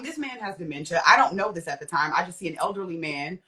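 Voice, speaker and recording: A young adult woman shares her personal testimony as a guest, speaking a little fast with lively intonation and a sharp tone. She tells her story vividly, performing quoted voices with big jumps in pitch.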